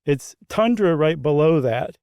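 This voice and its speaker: A man's voice: a little high, expressive, measured pace, a little mellow, clear, resonant tone, dry recording, studio quality. A man co-hosting a casual podcast, explaining things in an easygoing, chuckling way with loose asides. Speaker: podcast co-host. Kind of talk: casual conversational podcast chat.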